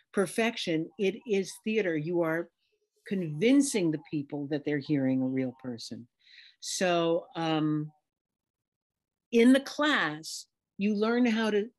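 A middle-aged woman from New York City, a dialect coach, talking casually and expressively in an interview. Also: on the low side. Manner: animated, expressive, talks in images and examples.

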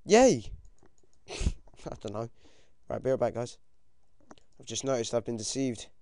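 A British teenage boy giving casual, excitable commentary over his own game, swearing often and yelping when things go wrong. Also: medium pitch, moderate pace, creaky, clear, resonant tone, no echo. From United Kingdom. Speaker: gaming commentator.

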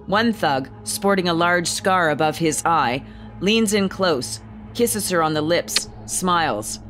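A woman narrating a screenplay, reading the scene directions in a calm, even way. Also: fairly low pitch, slow pace, faint music behind.

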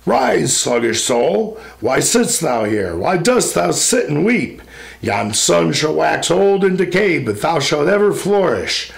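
A man reciting the lines of a gentle, consoling male spirit in a poetry recitation, reassuring and measured. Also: a little high, sing-song, creaky, heavily acted.

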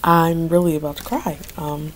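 A woman's voice: sits low, little pitch movement, normal speed, a little hiss or hum. A young woman giving casual gameplay commentary, dramatic and pleading, complaining that luck is against her. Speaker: gaming video creator.

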